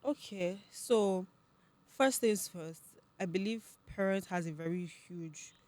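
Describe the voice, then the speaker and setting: A young woman with a Nigerian accent, a podcast guest telling her story in a lively, chatty way. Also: medium pitch. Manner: chatty, animated storytelling with quick laughs. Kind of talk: casual interview chat.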